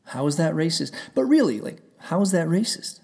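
A man's voice: a little high, sing-song, normal speed, gravelly, a little mellow, slightly rough. A man telling a heated, rambling story in a casual rant, swearing often and circling back on himself. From Pennsylvania.

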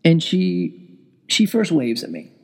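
A man's voice: a little high, huge pitch swings, slow pace, vocal fry, slightly rough. A man telling a rambling, profane, self-deprecating story in a casual vlog, speaking from home. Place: indoors at home with TV on.

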